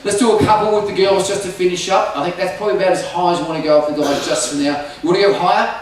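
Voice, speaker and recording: A man's voice: sits high, steady tone, rapid-fire, slight background noise. A man teaching a live group singing lesson, energetically demonstrating sung vocal slides. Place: hall with a live audience. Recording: echoey room, far from mic, loud music.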